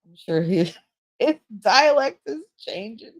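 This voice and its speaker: A woman's voice: fairly high pitch, big pitch swings, slow pace. A woman hosting a casual livestream chat with viewers, talking in a rambling, frank and joking way. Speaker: livestream host.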